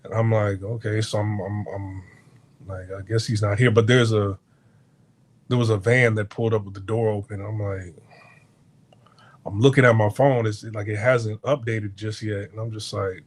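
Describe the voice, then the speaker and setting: Speaking at a normal pace in a fairly low voice, a man delivers a casual podcast monologue about a stay at a hotel abroad. His retelling is animated and full of restarts and stammers, and he performs the quoted people's lines.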